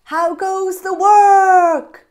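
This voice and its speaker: A woman voicing a lazy old male farmer who shouts slow, drawn-out calls from his bed in a children's storybook. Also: very high voice, fairly even intonation, pitched above the performer's own voice, heavily acted. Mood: bossy.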